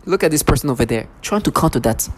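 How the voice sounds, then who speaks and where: Vlogger, mid-pitched, agitated, repetitive, stammers and restarts often. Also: animated, fast talker, slight background noise. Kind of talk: rambling personal monologue.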